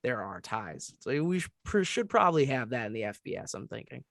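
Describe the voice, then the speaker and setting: A man's voice: mid-range voice, sing-song, a little fast, vocal fry, a bit bright, dry recording. Young man chatting sports, dry mic. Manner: chatty, trails off and restarts. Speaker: podcast co-host. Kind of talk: casual sports chat.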